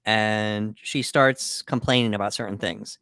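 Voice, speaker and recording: A man co-hosting a podcast, recapping a movie plot in an unhurried way with frequent "uh" and "um". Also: lowish voice, fairly even intonation, a bit bright, smooth, no echo, studio quality. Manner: measured recapping with fillers like uh and um. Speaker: podcast co-host.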